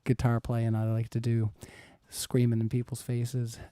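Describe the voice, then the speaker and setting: A man's voice: mid-range voice, monotone, a little slow, mellow, clear, resonant tone, no echo. A man in his thirties moderating a live-streamed debate, reading viewer questions in an easygoing, rambling way. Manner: easygoing, rambling, chuckles often.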